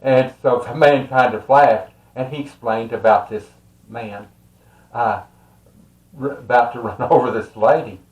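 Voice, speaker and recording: An older man with a Texas accent tells a family story in a casual, rambling way, with many fillers and soft chuckles. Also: mid-range voice, fairly even intonation, unhurried, muffled recording. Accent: Texan. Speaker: storyteller and tarot reader. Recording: roomy echo.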